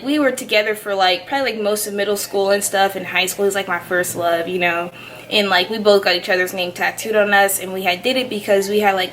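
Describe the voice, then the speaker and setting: A woman's voice: medium pitch, pushed and bright. A young adult woman chatting casually to camera as a vlogger, rambling with lots of fillers. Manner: rambling, filler-heavy, many "like"s.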